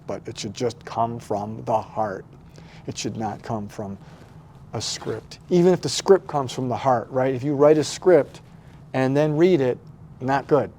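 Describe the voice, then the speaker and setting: A man's voice: mid-range voice, gravelly, dark tone, slight background noise. A man hosting a podcast, talking emphatically and animatedly in casual chat. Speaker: podcast host.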